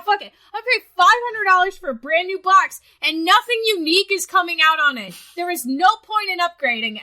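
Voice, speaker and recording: Loud, bright-voiced ranting young woman. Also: high voice. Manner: ranting, profane, animated. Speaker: podcast co-host. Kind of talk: casual chat.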